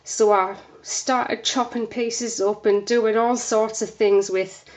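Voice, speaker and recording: A woman's voice: a little high, fairly even intonation, a little mellow. A woman soap maker chatting casually through a demonstration, a bit out of breath, with lots of fillers. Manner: chatty, unhurried, many fillers.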